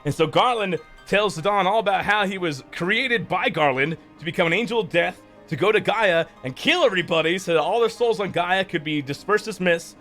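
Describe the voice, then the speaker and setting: A man's voice: sits high, fairly bright tone. A man streamer casually recapping a game's story, loose and profane, rambling with lots of fillers.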